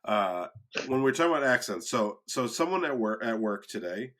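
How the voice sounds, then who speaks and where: Bright-voiced man rambling in casual chat. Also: medium pitch, animated, normal speed. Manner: rambling, self-interrupting, amused. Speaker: podcast co-host.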